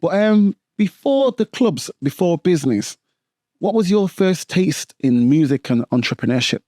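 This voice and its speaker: A male podcast host with a fairly high but mellow voice, asking questions casually with fillers. The sound is dry and close to the mic. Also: very animated, unhurried, no echo.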